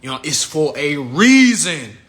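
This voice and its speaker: A man on a casual livestream rant, slangy and animated, swinging from low mutters to shouts and laughing at his own jokes. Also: a little slow. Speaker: livestream host.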